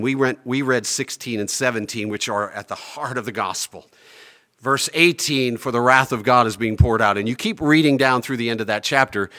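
A man preaching a sermon as pastor, stressing key phrases slowly and swinging between loud declarations and quiet asides. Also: mid-range voice. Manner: emphatic, slows down on key phrases.

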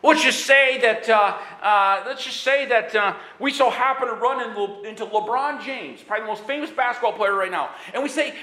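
A man preaching a sermon in an animated way, sometimes raising his voice and acting out quick bits of dialogue. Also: extremely high pitch, roomy sound. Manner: animated preaching with bursts of shouting; acts out dialogue in quick asides. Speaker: pastor.

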